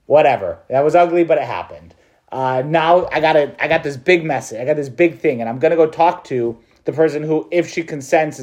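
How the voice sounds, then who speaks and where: A man's voice: fairly high pitch, a little mellow. A male priest preaching a meditation to students in a casual, chatty way, with slang and laughter.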